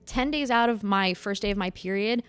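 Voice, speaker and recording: A woman's voice: mid-range voice, a little fast, clear, resonant tone. A young adult woman co-hosting a casual podcast chat, blunt and swearing freely. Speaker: podcast co-host.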